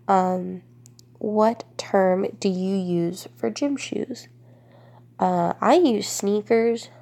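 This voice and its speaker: A congested young woman from Florida chatting casually to camera, drifting into soft whispers between answers. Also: medium pitch, vocal fry. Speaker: vlogger.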